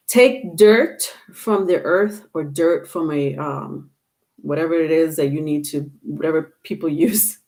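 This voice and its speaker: A woman's voice: low-pitched, vocal fry, darkish tone. A woman giving a casual tarot reading to her viewers, chatty and instructive, with many fillers and restarts. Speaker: tarot reader.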